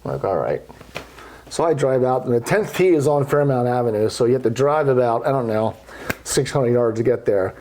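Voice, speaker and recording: Middle-aged guy, mid-pitched voice, casual and salty yarn-spinner. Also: a little fast. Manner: profane, animated storyteller. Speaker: golf podcast guest telling stories. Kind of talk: casual storytelling.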